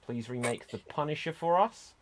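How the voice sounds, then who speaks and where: A man hosting an online improv game, setting up each round in a slow, deliberate way. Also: a little high, background noise. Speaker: improv show host.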